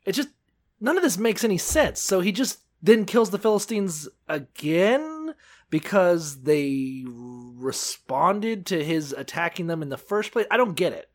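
A man in casual podcast chat, animated and laughing often, with frequent swearing. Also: a little high, unhurried.

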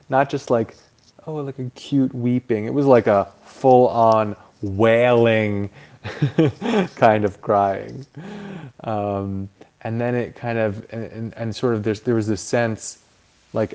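A young man with a low voice speaks in a flat, even tone, hardly rising or falling. He talks haltingly and softly, stopping to restart with plenty of fillers. It is a reflective personal monologue from a podcast host. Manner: halting, many fillers and restarts, soft-spoken.

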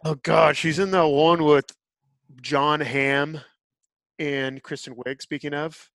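A man's voice: on the high side, steady tone, slow, fairly bright tone, dry recording, clean studio sound. A man hosting a podcast, giving blunt, opinionated reviews in casual chat. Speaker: podcast host.

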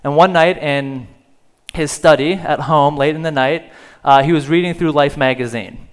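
A man's voice: on the high side, moderate pace, clean tone. A male pastor telling a story in a sermon. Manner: storytelling, rising in volume for dramatic moments. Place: church sanctuary.

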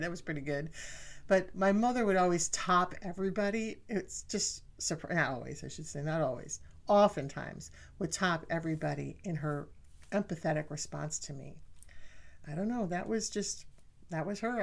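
A woman's voice: on the low side, vocal fry. A middle-aged woman sharing personal family stories in a chatty way, laughing often and speaking directly to listeners. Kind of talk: personal storytelling talk.

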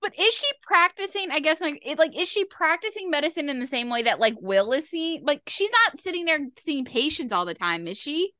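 Podcast co-host, woman, expressive bright voice, very dry close sound. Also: high-pitched, brisk, few pauses, no echo. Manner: questioning, reasons things out aloud. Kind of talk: casual chat about a TV show.

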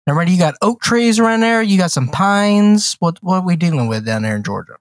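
Lively, profane man in his thirties. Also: sits high, fairly quick, dry recording, clean studio sound. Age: 30s. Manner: profane, mock-boastful, laughs often. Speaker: podcast co-host. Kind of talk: casual chat.

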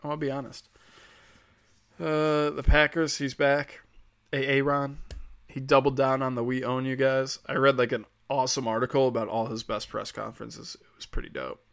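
A man's voice: medium pitch, flat delivery, moderate pace, creaky. A man hosting a casual comedic monologue, rambling, sarcastic and heavy on profanity.

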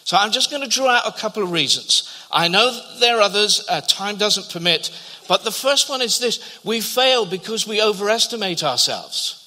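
A man preaching in a hall with a long, ringing reverb. His voice is high and very bright, almost sharp. He tells the story in a storyteller's way, repeats words as he goes, and sinks to a near hush for the tender parts. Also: animated, normal speed. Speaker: pastor. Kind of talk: sermon.

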